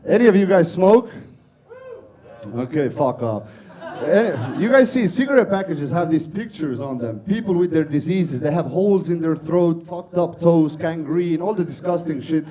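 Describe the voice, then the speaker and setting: A man from Estonia with an Estonian accent doing an open-mic stand-up set, deadpan and sweary, laughing at his own jokes. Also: a little high, normal speed. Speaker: stand-up comedian. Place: comedy club stage with audience.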